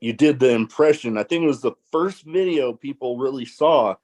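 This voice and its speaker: A man hosting a podcast in casual chat, reacting excitedly. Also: a little fast. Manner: excitable, swooping pitch. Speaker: podcast host.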